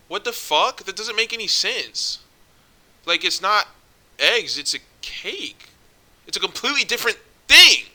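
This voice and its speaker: A young man ranting casually to camera, swearing a lot and getting exasperated, almost yelling when he gets worked up. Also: high voice, lively intonation, normal speed. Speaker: vlogger.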